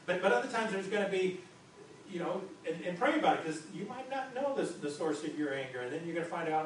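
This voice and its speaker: A man preaches a sermon in a casual, talky way, tripping over and repeating his words as he goes. His voice sits a little high and comes from some distance off. The hall around him rings with heavy echo over a faint hiss. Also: expressive, brisk. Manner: conversational, stammering restarts and repeated words. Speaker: pastor. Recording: very echoey hall, distant mic, faint noise.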